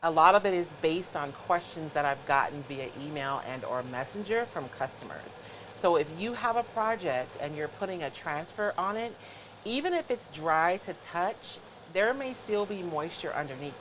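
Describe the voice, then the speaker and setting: Middle-aged woman, low-pitched, casual live-stream craft host who talks viewers through every step. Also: noisy background. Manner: chatty, explains step by step to viewers.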